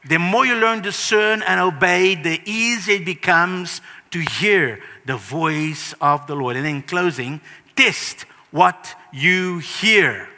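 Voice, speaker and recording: A man preaching a sermon with a high, bright, penetrating voice. He talks earnestly and emphatically, and his voice often rises sharply. The sound rings on in a large reverberant hall.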